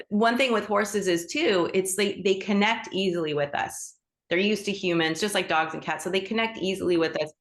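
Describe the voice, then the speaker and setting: A woman hosting a live online group class as a teacher, talking with enthusiasm and big swings in pitch. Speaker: animal Reiki teacher and host. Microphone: video call.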